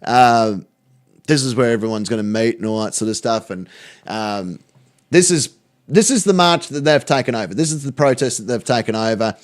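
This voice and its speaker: A man's voice: mid-range voice, animated, moderate pace. A man with an Australian accent, hosting a channel and reacting to social media posts in a sweary, sarcastic way. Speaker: channel host.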